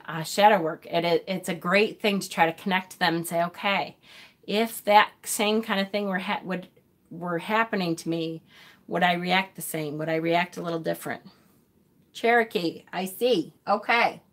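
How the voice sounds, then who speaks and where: Middle-aged woman, live-stream host, chatty and rambling, quick to laugh, everyday mid-range voice. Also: mid-range voice, fairly bright tone. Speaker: livestream host. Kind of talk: casual live chat reading viewer comments.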